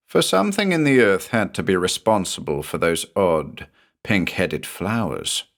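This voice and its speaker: Deep male horror narrator, lively intonation, measured delivery. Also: gravelly. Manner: measured, dramatic storytelling.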